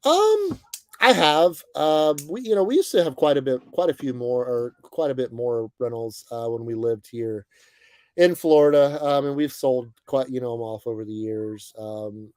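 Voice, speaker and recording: A young man hosting a casual livestream, greeting viewers by name and chatting in a relaxed, friendly way with plenty of fillers. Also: mid-range voice, normal speed, no room sound. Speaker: livestream host. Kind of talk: casual chat reading viewer comments. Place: bus, indoors.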